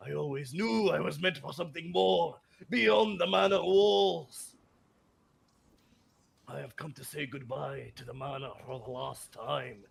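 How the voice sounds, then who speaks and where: A man's voice: fairly high pitch, unhurried, vocal fry, breathy edge, pitched below the performer's own voice, heavily acted. A man voicing a sheltered, fanciful young noblewoman writing her diary, with a put-on Scottish accent and a prim, melodramatic reading manner. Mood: dreamy. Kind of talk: reading aloud in character.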